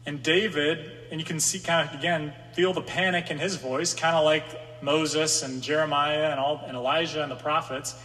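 A male pastor gives a sermon in a relaxed, conversational way, with a slightly higher than usual voice. Now and then he steps into the psalmist's pleas. His voice carries a long reverb, as if it were filling a large hall. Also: moderate pace, few pauses, faint music behind. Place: room with an audience.

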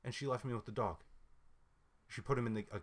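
A young man telling a story in a casual chat, swearing freely and ranting with animated frustration. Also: medium pitch, quick pace.

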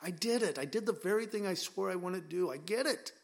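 A man voicing a remorseful apostle, speaking in a hushed, pleading way. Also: sits high, expressive, fairly quick. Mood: ashamed. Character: remorseful apostle, grown man, broken and ashamed.

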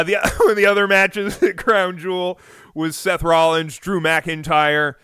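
A man hosting a casual podcast, talking in an excitable, rambling way and swearing often. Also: mid-range voice, clear, resonant tone, dry recording, clean studio sound. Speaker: podcast host. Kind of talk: casual wrestling podcast chat.

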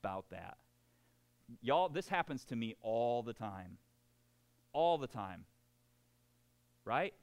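A man's voice: medium pitch, sing-song, slow pace, long pauses, a little mellow. A man preaching a sermon, acting out quoted voices and laughing at himself. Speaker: pastor.

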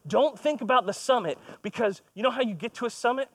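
Guy preaching, kinda high voice, chatty storytelling sermon, jokes at his own expense. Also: expressive, fast talker, hardly any pauses, fairly bright tone. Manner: conversational, storytelling with self-deprecating humor. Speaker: pastor. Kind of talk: sermon with personal stories.

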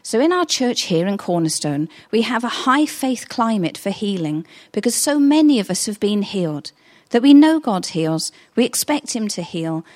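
A woman's voice: mid-range voice, very animated, normal speed, darkish tone. A middle-aged woman preaching a sermon, telling stories in a chatty, earnest way. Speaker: pastor.

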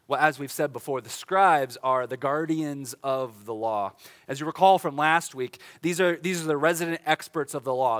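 A young adult man, a pastor, preaching a conversational sermon, chatty and light, slowing down for dramatic lines. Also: mid-range voice, a bit bright. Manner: conversational, with laughs and dramatic slowdowns.

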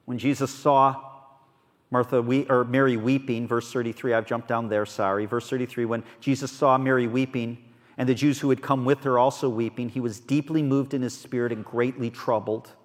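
A man preaching a sermon as a pastor, earnest and conversational, moving between soft and emphatic delivery. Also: medium pitch, fairly even intonation, normal speed. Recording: long reverb of a large hall.

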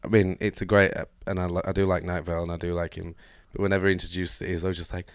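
A man's voice: deep voice, little pitch movement, rapid-fire, hardly any pauses, clean tone, no echo. A man co-hosting a podcast, chatting casually about music with enthusiastic, dry asides. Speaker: podcast co-host.

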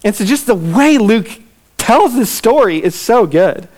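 A man preaching a sermon in a relaxed, conversational way, with casual fillers and asides. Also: high voice, unhurried. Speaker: pastor.

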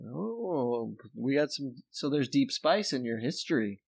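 A man's voice: mid-range voice, sing-song, gravelly, no echo. A man hosting a podcast, rambling through casual comedic banter and laughing often. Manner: jokey, rambling, quick to laugh. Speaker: podcast host.

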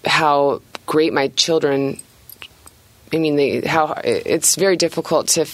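A woman's voice: sits low, a little slow, dry recording. A woman in her thirties, an artist guest chatting casually on a podcast, talking with many restarts and frequent laughs.

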